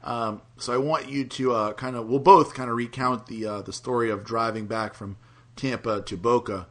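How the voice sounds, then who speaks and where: A man's voice: mid-range voice, steady tone, normal speed, fairly bright tone. A man hosting a casual podcast chat, teasing and prompting his co-host with questions.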